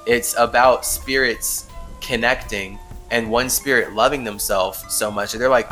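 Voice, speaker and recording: Man, podcast host, bright forceful voice, rambling and emphatic, faint music under him. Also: medium pitch, fairly even intonation, unhurried. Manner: rambling, emphatic, laughs often. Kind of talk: casual spiritual monologue.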